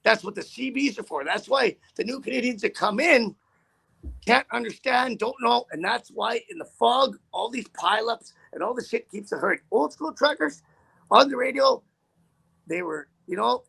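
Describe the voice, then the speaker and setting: A man's voice: very high-pitched, expressive, normal speed, gravelly, bright, forceful tone, husky. A man who drives trucks, telling a story in a casual interview with a profane, rambling, heated manner.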